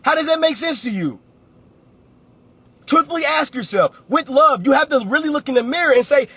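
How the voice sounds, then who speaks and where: A man's voice: extremely high pitch, animated, moderate pace, long pauses, pushed and bright, no room sound. A man, a real estate coach giving a blunt, preachy motivational talk on a livestream and repeating phrases for emphasis.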